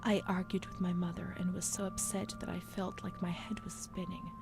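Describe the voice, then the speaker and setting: A woman voicing a haunted young woman recalling her asylum records, speaking in a whispered role-play, hushed and unsettled. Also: fairly low pitch, little pitch movement, moderate pace, creaky, over music. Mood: uneasy whisper.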